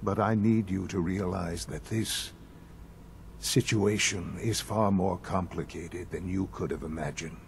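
Game voice: a measured elderly leader, very low voice, gravelly texture. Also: male voice, steady tone, a little hiss or hum. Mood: solemn. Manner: measured, composed, explanatory. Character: calm elderly male leader of a secret institute. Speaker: game character.

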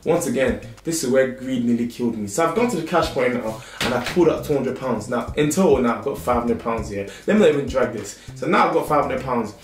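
A young man with a London accent telling a storytime vlog in a lively, slangy way. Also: medium pitch, fast, few pauses. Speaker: vlogger. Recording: roomy indoor sound.

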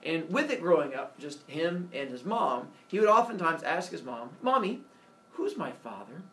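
A man teaching a class, retelling a myth in a lively, joking way and putting questions to the students. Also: fairly high pitch, normal speed. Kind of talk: classroom storytelling lecture. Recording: roomy, distant classroom sound with faint noise.

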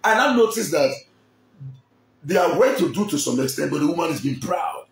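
A man's voice: fairly high pitch, sing-song, normal speed, gravelly, reverberant. A man with a Nigerian accent telling a personal story in a dramatic way, acting out the people he quotes.

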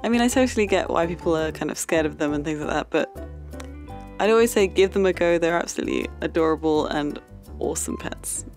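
A woman's voice: low voice, a little fast, darkish tone, soft background music. A young woman hosting a gaming channel, chatting casually over her gameplay in a bubbly, gushing way with frequent giggles.

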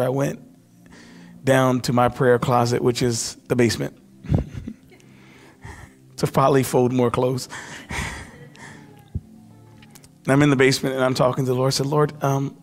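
A man preaching a sermon as pastor, impassioned, dropping to a hush when he quotes. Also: medium pitch, creaky. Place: church sanctuary.

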